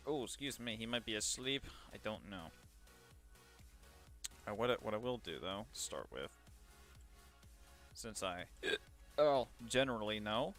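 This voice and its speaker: A man's voice: lowish voice, animated, a little slow, long pauses, a bit bright, soft background music. A man casually chatting to viewers while working on a 3D model commission, joking at his own expense. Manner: chatty, self-deprecating, talks to himself while working. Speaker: streamer doing 3D modeling commissions. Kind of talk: casual livestream commentary.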